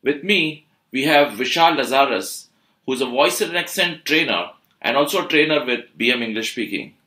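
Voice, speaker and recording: A man's voice: mid-range voice, expressive, moderate pace, pushed and bright, roomy sound. A man hosting an English-learning podcast, asking his guest upbeat questions. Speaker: podcast host and institute founder.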